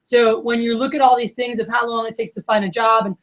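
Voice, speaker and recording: A woman in her thirties speaks in a fairly high voice. She gives a casual motivational talk to her team, loose and chatty, full of "like" and "you know". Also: little pitch movement, brisk. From Miami. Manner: casual and chatty, lots of "like" and "you know", acts out quoted friends. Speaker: division leader giving opening remarks.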